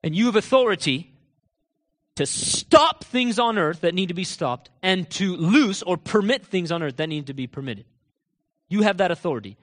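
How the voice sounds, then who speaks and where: The sermon comes from a man with a very high voice who speaks expressively at normal speed, throwing out rhetorical questions and pushing his points forcefully. Every so often he drops to a soft, low aside. The long reverberation of a big church hall surrounds him.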